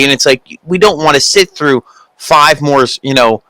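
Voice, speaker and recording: A man co-hosting a casual wrestling review show, joking and mimicking commentators and wrestlers in quick asides. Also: medium pitch, expressive, sharp tone, no echo, rough recording. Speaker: podcast co-host.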